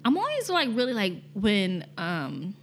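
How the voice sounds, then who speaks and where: A woman's voice: mid-range voice, huge pitch swings, a little slow, slight background noise. A woman co-hosting a podcast, chatting frankly and laughing often as she acts out voices in her stories. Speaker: podcast co-host. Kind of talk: casual frank chat.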